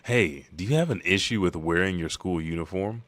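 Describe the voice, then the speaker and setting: Strict formal lady knight read by a man in his own low voice, scolding tone. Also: a little fast, fairly bright tone, no echo. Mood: stern. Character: stern, proper young woman knight.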